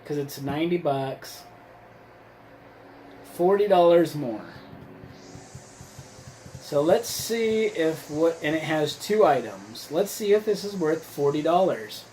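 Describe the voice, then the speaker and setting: A man with a somewhat high, slightly mellow voice casually reviews a survival gear subscription box on his channel, rambling, sarcastic, and swearing freely. The low-quality recording carries a bit of hiss or hum.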